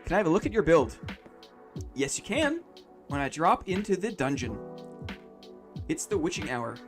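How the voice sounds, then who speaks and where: Man, game streamer, relaxed chatter, fairly high voice, bouncy intonation, faint music behind. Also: a little fast. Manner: relaxed, chatty, repeats phrases to himself. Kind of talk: casual live-stream chat.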